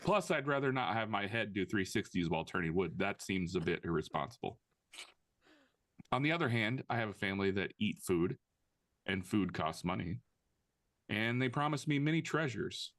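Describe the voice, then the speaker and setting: Dry-humored male podcast co-host, low voice. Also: expressive, moderate pace, fairly bright tone, no room sound. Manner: dry, joking. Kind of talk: casual chat, reading listener questions aloud.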